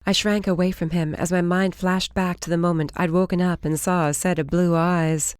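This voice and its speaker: Female audiobook narrator, lower voice, dry close recording, steady first-person read. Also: normal speed, smooth, no room sound.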